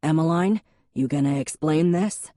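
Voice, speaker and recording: A man's voice: fairly high pitch, normal speed, dark tone, no echo, studio quality, lightly acted. A woman reading an audiobook, voicing a blunt young man who speaks in cold, clipped anger.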